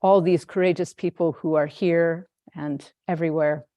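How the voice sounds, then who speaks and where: A woman, a Zen teacher, giving a dharma talk in an unhurried, gently amused storytelling manner. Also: sits low, fairly even intonation, no echo.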